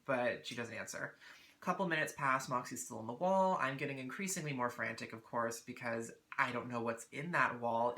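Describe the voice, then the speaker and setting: A woman's voice: extremely low pitch, pushed and bright. A woman vlogger telling a story in a dramatic, self-mocking way. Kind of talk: storytelling vlog.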